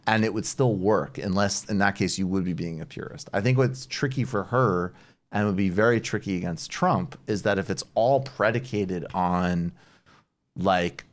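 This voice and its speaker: A man's voice: sits low, normal speed. A man hosting a political talk show, chatting loosely with a guest and using many fillers. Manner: loose, digressive, lots of "like" fillers. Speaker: podcast host. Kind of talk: political commentary chat.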